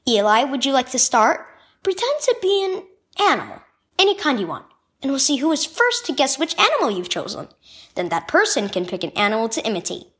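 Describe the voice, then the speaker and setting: Gentle, encouraging female Sunday school teacher, read by a woman, high and lively storybook voice. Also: fairly quick.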